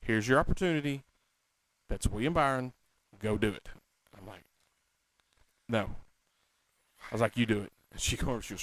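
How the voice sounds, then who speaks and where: A man hosting a casual talk show, telling a story in an animated, excitable, self-mocking way. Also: mid-range voice, normal speed, pauses often, no room sound. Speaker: podcast host.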